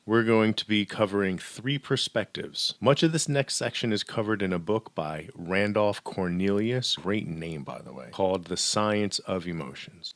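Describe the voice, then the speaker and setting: A man giving a recorded psychology lecture, explaining clearly with wry deadpan asides. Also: fairly low pitch, no room sound.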